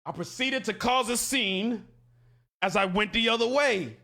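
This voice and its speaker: A man's voice: sits high, unhurried, creaky. A man streaming a game, telling a story casually and animatedly in heavy slang and acting out what people said. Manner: animated, slangy, acts out quotes. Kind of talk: casual storytelling while gaming.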